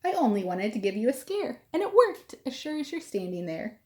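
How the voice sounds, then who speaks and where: A woman's voice: a little high, very animated, fairly quick, warm tone, pitched above the performer's own voice. A woman doing a cheeky little mouse. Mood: teasing. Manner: bouncy, teasing rhymes.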